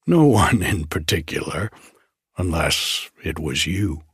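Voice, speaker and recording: A man's voice: rumbling low, big pitch swings, slow pace, fairly bright tone, slightly rough, no echo, studio quality, voice pushed down, full character voice. A man voicing a tall young stranger in an audiobook, speaking in a casual, friendly way with a haunted undertone.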